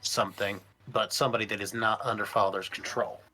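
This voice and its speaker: A man voicing a scheming male conspirator in a tabletop game, explaining a plan in a measured, hushed way. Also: lowish voice, steady tone, soft background music. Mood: conspiratorial.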